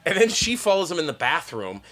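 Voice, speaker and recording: A man, a stand-up comedian, telling a profane, excitable story on a podcast, peppered with "like" and "okay?". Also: fairly high pitch, a little fast.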